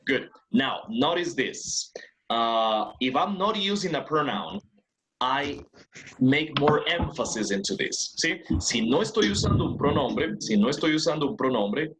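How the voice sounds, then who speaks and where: Male teacher, mid pitch, patient and step-by-step, on a video-call mic. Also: expressive, slow, background noise. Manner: patient, explains step by step, checks with "¿ok?". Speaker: English teacher. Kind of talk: online class, mixing Spanish and English.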